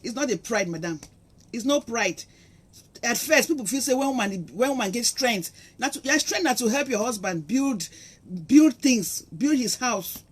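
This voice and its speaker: Talking to camera at normal speed, a middle-aged woman vlogger preaches passionately in Nigerian Pidgin English and acts out quotes. She has a husky, fairly high voice with lively intonation.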